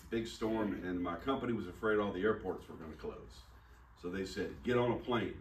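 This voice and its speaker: A man's voice: low voice, a little fast. Man preaching casually in an echoey hall. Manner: conversational, self-deprecating, acts out dialogue. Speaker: pastor. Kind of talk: sermon with personal storytelling. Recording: echoey room, mic at a distance.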